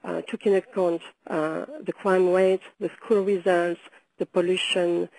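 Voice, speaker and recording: A woman speaking hoarsely from a sore throat, giving a measured webinar presentation with frequent hesitant pauses. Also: fairly low pitch, level tone, darkish tone, poor audio. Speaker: presenter, founder of a video project. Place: London.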